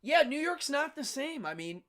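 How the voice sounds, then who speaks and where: A middle-aged man hosting his own casual talk show. He rambles from story to story in a chatty, loose way and acts out the voices of people he quotes. His voice rides a lively, swinging melody. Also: very high-pitched, moderate pace. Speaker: host. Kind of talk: casual monologue.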